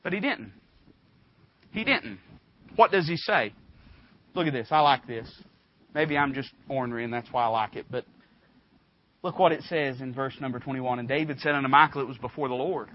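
A man preaching a sermon, telling folksy stories and building up to loud, fervent preaching. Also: mid-range voice, normal speed, pauses often, lo-fi sound.

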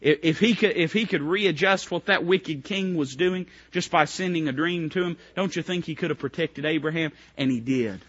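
A man preaching from the pulpit, his bright, forceful voice rising into high, loud calls and then dropping to a hush. He keeps asking his listeners questions. The recording sounds a little dull and lo-fi. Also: moderate pace, few pauses, husky. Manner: impassioned preaching, swinging from loud high calls to low hushed lines; asks the congregation direct questions. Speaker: pastor. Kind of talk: sermon.

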